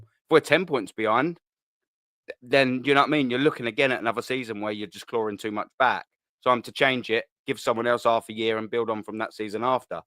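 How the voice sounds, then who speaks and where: A man's voice: mid-range voice, fairly bright tone, no echo, studio quality. A young man hosting a live fan show, chatting casually through viewer comments, bantering, repeating himself and laughing often.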